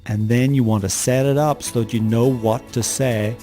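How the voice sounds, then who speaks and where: A man's voice: medium pitch, steady tone, normal speed, mellow, faint music behind. A middle-aged man teaching a sales lesson in a conversational way, often repeating words as he acts out what customers say. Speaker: sales trainer. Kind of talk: coaching lesson to camera.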